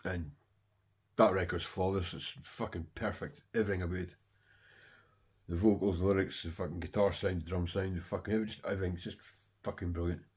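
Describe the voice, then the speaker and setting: A middle-aged man with a low voice and a deeply raspy, rough texture. He rambles enthusiastically in casual talk to the camera, swearing constantly as he goes. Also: steady tone, fairly quick, darkish tone. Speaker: record collector.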